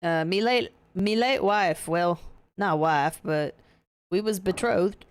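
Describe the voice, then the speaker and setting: A woman voicing a gruff rustic male fisherman in a video game, talking in a folksy dialect full of "eh" and "ye". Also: lowish voice, slow.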